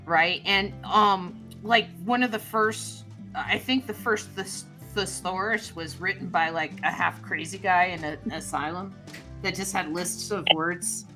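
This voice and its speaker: A woman chatting casually on a podcast, musing and halting as she searches for words. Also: fairly low pitch, pushed and bright, faint music behind. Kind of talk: casual chat.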